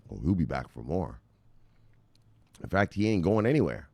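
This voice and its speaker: A man hosting a cryptocurrency news vlog in an excitable, profane style, laughing often and repeating himself. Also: moderate pace, dry recording. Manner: shouts "bang" and "boom" with rising excitement.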